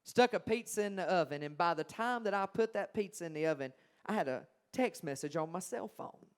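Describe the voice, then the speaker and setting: A young man shares his testimony with a congregation, dramatic and emphatic. His voice sits a little high for a man and swings between loud bursts and near-whispers. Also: expressive, fairly quick, clean tone. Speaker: Christian singer-songwriter giving his testimony. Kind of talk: personal testimony storytelling.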